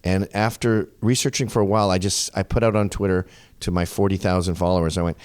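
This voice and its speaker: A man's voice: deep voice, fairly even intonation, a little fast, a little mellow, clear, resonant tone, no echo. A man hosting a show, giving sardonic, profane commentary over clips. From Canada. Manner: profane and mocking. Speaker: host.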